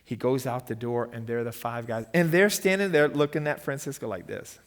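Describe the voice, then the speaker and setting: A man, a pastor, teaching a church finance lesson in a lively storytelling way and quizzing his audience. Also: medium pitch, a little fast. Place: church hall. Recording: long hall reverb.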